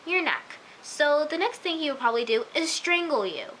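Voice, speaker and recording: A woman reviewing a TV episode in a casual, gushing vlog, full of exclamations and filler words, sometimes dropping to hushed asides. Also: sits high, big pitch swings, normal speed, a little hiss or hum, low-quality recording.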